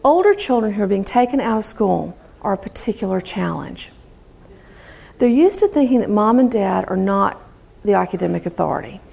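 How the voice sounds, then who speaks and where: A woman's voice: mid-range voice, moderate pace, vocal fry. A middle-aged woman from the United States, speaking to a live audience about homeschooling and acting out quotes as she tells stories. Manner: lively storytelling, acting out quotes.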